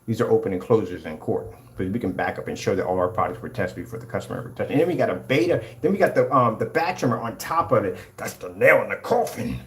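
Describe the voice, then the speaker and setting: A man's voice: on the low side, animated, fast talker, few pauses. A man who owns a screen paint company, hyped up and combative as he talks over his own product demonstration footage. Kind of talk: excited product demonstration rant.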